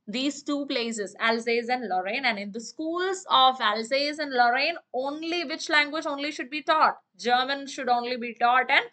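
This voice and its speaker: A woman's voice: sits high, sharp tone. A young woman, a teacher reading a story aloud and explaining it line by line, with many fillers and restarts. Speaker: English teacher.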